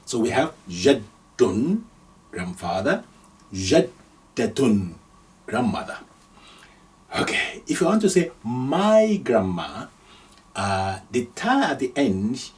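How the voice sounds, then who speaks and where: Slow, patient male Arabic teacher. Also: medium pitch, far from the mic. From Nigeria. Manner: patient, repeats sounds slowly, chuckles often. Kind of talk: slow step-by-step lesson.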